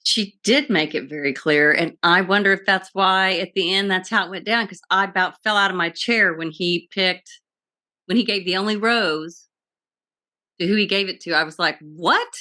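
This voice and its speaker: A woman's voice: fairly low pitch, normal speed. A woman co-hosting a casual podcast chat, eagerly retelling scenes from a TV episode and acting out what people said. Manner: animated storyteller, acts out quotes. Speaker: podcast co-host. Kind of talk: casual chat recapping a TV show.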